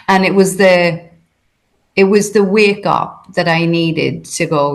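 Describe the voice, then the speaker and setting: A woman's voice: on the low side, slow, creaky, pauses often. A woman being interviewed, talking in a hesitant, conversational way with many fillers and restarts. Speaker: interview guest.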